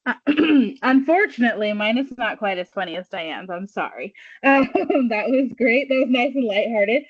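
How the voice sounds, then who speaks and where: A woman's voice: on the high side, expressive, normal speed, slightly rough, dry recording, dull audio. A woman at a reading, hesitant and apologetic as she introduces her piece before reading a literary excerpt. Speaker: student reader.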